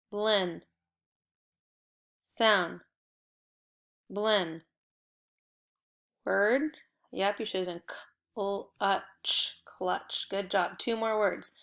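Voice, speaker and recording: A woman teacher runs a children's phonics drill, prompting each sound and blend with encouragement. She speaks slowly and deliberately in a bright, forward voice. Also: medium pitch, vocal fry.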